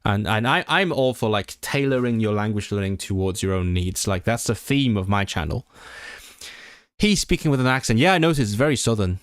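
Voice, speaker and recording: A man's voice: fairly low pitch, expressive, a little fast, smooth, no echo, studio quality. A young man on a livestream, studying aloud and stumbling, correcting himself as he switches between reading and chatty asides. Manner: thinks aloud, self-correcting and stumbling over words. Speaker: language-learning streamer. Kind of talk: casual livestream study session.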